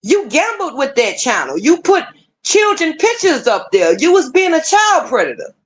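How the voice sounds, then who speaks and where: A woman's voice: sits high, big pitch swings, normal speed. A woman hosting a livestream, ranting casually with heated, profane, repetitive talk. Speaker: livestream host.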